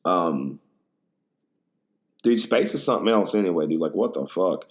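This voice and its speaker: A man's voice: low voice, animated, normal speed. A man hosting a podcast in casual chat, rambling, profane and full of slang. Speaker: podcast host.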